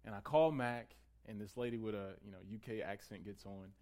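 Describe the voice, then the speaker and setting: A man preaching a sermon in a conversational way. He builds to emphatic peaks and then drops to a quiet, close tone. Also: on the low side, a little fast. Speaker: pastor.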